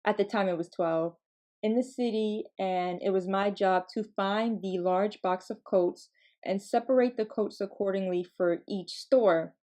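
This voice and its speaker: Animated young woman telling funny stories. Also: mid-range voice, unhurried. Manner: animated, laughing, casually profane. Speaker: podcast host. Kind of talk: casual comedic storytelling.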